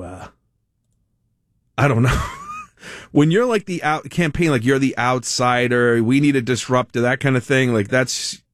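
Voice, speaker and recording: Here a man hosting talk radio gives a casual, rambling monologue, sardonic in tone, laughing along with his own jokes. His voice falls in the mid-range, captured in clean studio sound with no echo.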